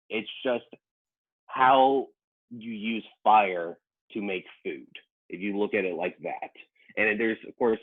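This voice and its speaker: A man's voice: lowish voice, narrow, tinny audio. A man who works as a professional cook, a podcast guest chatting casually and hesitantly, often restarting his sentences. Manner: hesitant, full of restarts, laughs easily. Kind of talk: casual chat.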